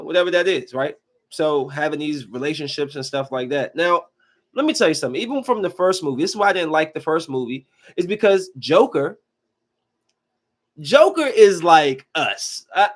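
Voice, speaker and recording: A man hosting a podcast, giving a casual, slangy movie review with emphatic rants and quick asides. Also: a little high. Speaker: podcast host.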